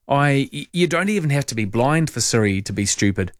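A man's voice: mid-range voice, expressive, a little fast, no echo, studio quality. A man hosting an overnight talkback radio show, chatty and wry as he reads listener messages. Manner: chatty, wry and rambling, reads lyrics aloud. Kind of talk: casual late-night talkback, reading listener messages. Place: radio studio. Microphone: studio microphone.

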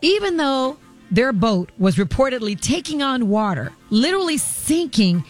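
A woman co-hosting a morning radio show, reading the news in a brisk, conversational way. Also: sits high, very animated, faint music behind. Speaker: news co-host.

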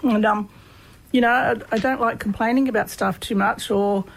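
An Australian woman, a guest researcher, telling personal stories in a relaxed, chatty way with lots of fillers. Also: on the high side, moderate pace, creaky, low-quality recording. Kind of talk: conversational storytelling.

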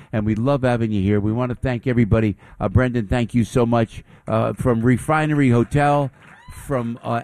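A man's voice: medium pitch, warm tone, no echo. Effusive male radio host, dry sound. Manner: effusive, gushing with praise and thanks. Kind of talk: live radio hosting.

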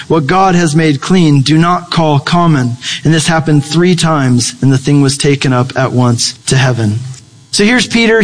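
A male pastor preaching a conversational, humorous sermon, acting out quoted lines. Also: on the high side. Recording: long reverb of a large hall.

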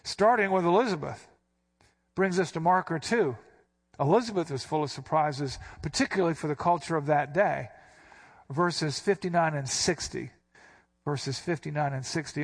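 Slightly high-voiced man preaching. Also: normal speed. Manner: expository preaching with emphatic quoted lines. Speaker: pastor. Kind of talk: sermon.

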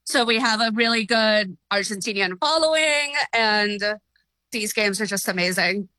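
A woman who runs a restaurant, talking in an interview about a match she watched, excited and gushing, quick to laugh. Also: medium pitch, dry recording. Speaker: restaurant owner and football fan. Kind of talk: phone interview.

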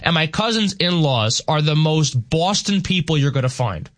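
A man with a bright, ringing voice and a slightly high pitch. He banters animatedly in a radio studio, leaning into his for emphasis. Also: normal speed. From East Coast of the US. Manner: animated, puts on thick accent for emphasis. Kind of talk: casual on-air banter.

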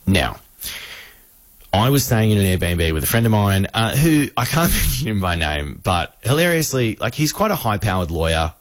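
Low-voiced man telling a story. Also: normal speed, no echo. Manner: animated, acts out the people in his story. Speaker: radio host. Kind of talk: storytelling on radio chat.

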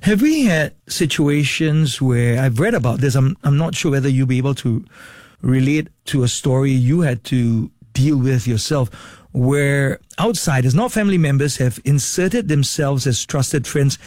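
A man's voice: medium pitch, lively intonation, normal speed, darkish tone, no room sound, clean studio sound. A man hosting a radio interview, asking long conversational questions. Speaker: radio host.

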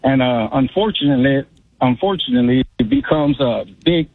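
Caller, ex-club DJ, husky voice, phone-line sound, rambling. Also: male voice, medium pitch, animated, a little fast, no echo. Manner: rambling, streetwise storytelling. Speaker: radio caller, former club DJ. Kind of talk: casual call-in chat. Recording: tinny phone line, dry.

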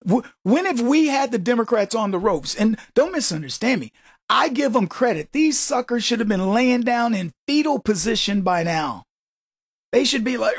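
Brash, husky-voiced male radio talk host. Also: very high voice, animated, normal speed, dry recording, clean studio sound. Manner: brash, mocking, laughs a lot, acts out voices. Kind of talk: conservative talk radio monologue.

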